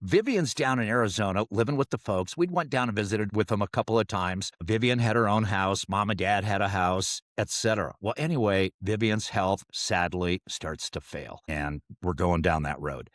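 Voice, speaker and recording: A middle-aged man co-hosting a podcast, telling family stories in a joking, animated way. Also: lowish voice, normal speed, few pauses, dry recording, clean studio sound. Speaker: podcast co-host. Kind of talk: casual storytelling chat.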